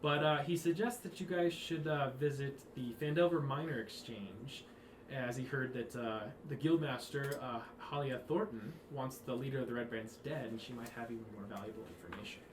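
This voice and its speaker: A man's voice: medium pitch, moderate pace. A man narrating a tabletop game as game master, rambling with frequent restarts. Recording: echoey room with faint noise.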